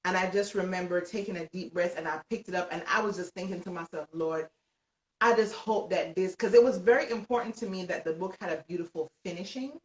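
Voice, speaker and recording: A woman author telling an excited story on a live stream, animated, often laughing and shouting as she tells it. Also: lowish voice, a little fast. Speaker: guest author. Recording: roomy, distant from the mic.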